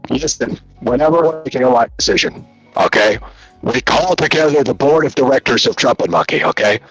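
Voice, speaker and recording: A man from Australia, talking as a guest over a video call. He jokes around and tells loose, filler-heavy stories at an easy middle pitch. His voice is dry and close, with faint music in the background. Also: animated, a little fast, a bit bright, breathy edge, no echo, poor audio. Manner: joking, loose storyteller with frequent fillers. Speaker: guest content creator. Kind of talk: casual interview chat. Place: home in Latvia.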